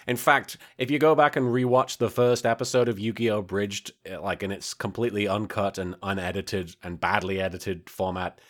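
A man in his thirties, a podcast host and abridged-series creator, tells stories on a casual podcast in a rambling way, full of fillers and restarts. His voice is on the low side and a bit bright, with fairly even intonation, a moderate pace, and hardly any pauses.

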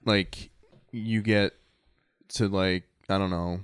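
A man's voice: deep voice, steady tone, slow pace, smooth. A man in casual chat, hesitant and searching for words. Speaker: comedian.

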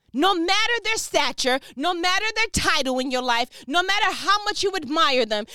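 A woman's voice: very high voice, bright, forceful tone, dry recording, studio quality. A woman preaching with fervent, emphatic energy, dropping slang and firing repeated questions, speaking over a phone. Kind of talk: motivational preaching.

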